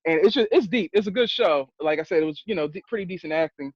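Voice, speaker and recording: A man chatting excitedly and emotionally on a group video call, laughing often. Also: high-pitched, fast talker, breathy edge, no echo, highs cut off. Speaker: guest on a spirituality call.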